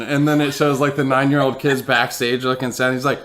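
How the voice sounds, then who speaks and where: A man's voice: mid-range voice, little pitch movement, a little fast, hardly any pauses, fairly bright tone. A man co-hosting a casual podcast, recapping a TV episode in a rambling way with lots of fillers and laughs. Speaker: podcast co-host.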